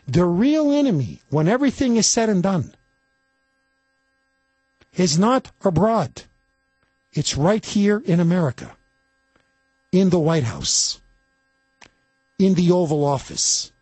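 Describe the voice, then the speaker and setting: A man's voice: high-pitched, a little mellow, dry recording. A man hosting a political talk radio show, speaking emphatically and indignantly, repeating himself for effect. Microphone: studio microphone.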